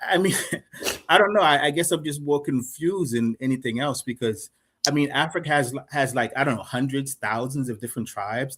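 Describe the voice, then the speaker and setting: A man from South Carolina with a Gullah Geechee accent, calling into a live-stream debate, halting at first and then defensive and loud. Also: medium pitch, breathy edge. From Charleston, South Carolina. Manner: hesitant, then raises his voice defensively. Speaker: caller.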